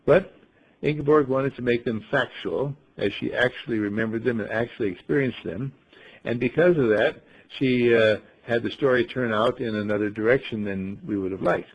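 A man telling a rambling story to a group, playful and musing, often clearing his throat. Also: medium pitch, normal speed, dull audio. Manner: playful, acts out voices in quotes, frequent throat clearing.

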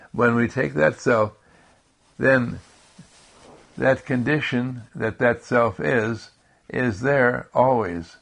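A man giving a calm spiritual talk in slow, repetitive affirmations. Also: mid-range voice, vocal fry. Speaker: spiritual speaker.

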